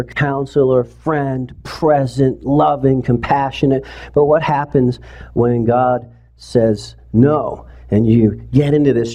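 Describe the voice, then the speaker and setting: A pastor with a mellow, mid-range voice delivers a sermon in a church sanctuary during a streamed service. He talks conversationally to the congregation, then rises into impassioned pleading.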